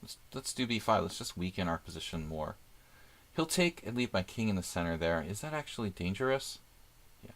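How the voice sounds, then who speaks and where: A middle-aged man with a fairly low voice talks through a live chess stream. His speech rambles along, full of fillers and restarts, as he thinks aloud about the position between side remarks. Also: big pitch swings, a little fast. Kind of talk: casual live-stream chat while playing.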